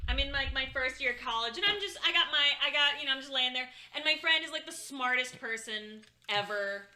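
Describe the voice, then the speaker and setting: Bright-voiced woman telling stories. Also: high-pitched, a little fast, slight background noise. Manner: animated storytelling, swearing, mocking voices. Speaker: co-host. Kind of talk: casual chat.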